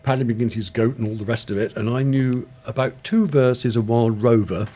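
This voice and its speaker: A man's voice: mid-range voice, moderate pace, warm tone. An older man from England, a musician guest, telling rambling stories in a casual radio studio interview. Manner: rambling, self-correcting storyteller.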